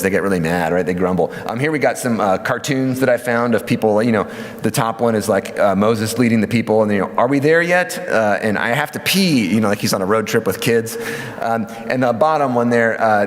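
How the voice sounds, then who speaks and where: A man giving a church lecture on scripture, lively and conversational with many fillers and asides. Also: on the low side. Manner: lively teaching with fillers and acted quotes. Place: church hall. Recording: hall reverb.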